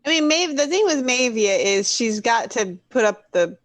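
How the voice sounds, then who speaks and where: A woman playing a tabletop game, chatting in an animated, playful way. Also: on the high side, normal speed. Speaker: player. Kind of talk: casual tabletop game chat.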